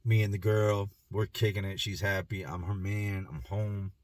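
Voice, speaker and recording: A man's voice: lowish voice, fairly even intonation, normal speed, darkish tone, dry recording. A man telling his own life story in a candid, emotional way, with casual slang and repeated words. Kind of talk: personal storytelling to camera.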